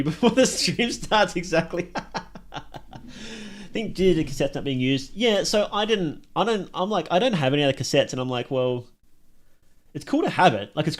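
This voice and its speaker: A young man with an Australian accent, chatting casually with his live stream chat and laughing often. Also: mid-range voice.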